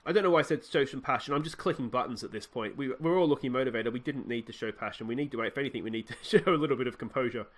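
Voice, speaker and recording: A young Australian man hosting a let's play, thinking aloud and getting excited as he commentates a football management game. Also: medium pitch, rapid-fire, few pauses. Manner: excitable, thinking aloud while clicking through a match.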